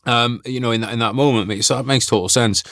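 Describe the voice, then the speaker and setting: Host: man, mid-pitched voice, jokey banter, dry close recording. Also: steady tone, fast, fairly bright tone, no echo. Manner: banters, laughs, swears casually. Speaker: podcast host. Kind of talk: casual podcast chat.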